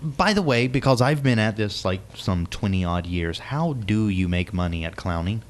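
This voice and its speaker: A man's voice: fairly low pitch, expressive, moderate pace. A man hosting a talk radio interview, playful and teasing, often laughing. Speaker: radio show host.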